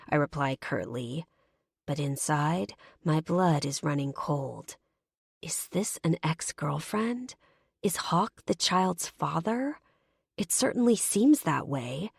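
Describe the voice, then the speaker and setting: A woman narrating a first-person audiobook in a steady, measured reading voice. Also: sits low, gravelly, dry recording, clean studio sound.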